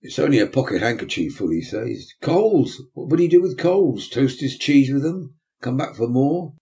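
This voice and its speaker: A man's voice: lowish voice, animated, a little fast, creaky. A man doing a blustering pompous beadle. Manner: blustering, indignant, loud. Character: pompous self-important male parish beadle.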